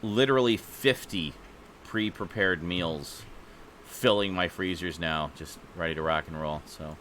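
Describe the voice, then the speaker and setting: Male podcast host reading movie news, low voice with a bright edge, a bit tired, faint hiss behind. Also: unhurried. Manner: reads trailer blurbs aloud, then chats about them. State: tired, yawning.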